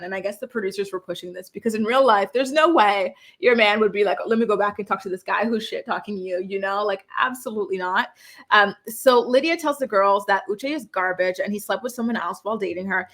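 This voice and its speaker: A young woman recapping a reality show in a casual, opinionated way, indignant and animated, acting out quotes with sudden jumps in pitch. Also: a little fast.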